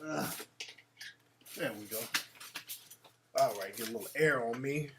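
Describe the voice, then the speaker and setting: A man's voice: medium pitch, a little slow, a little hiss or hum. A man hosting his own show, talking straight to his audience in an emphatic, profane commentary monologue. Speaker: show host. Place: home room with a fan.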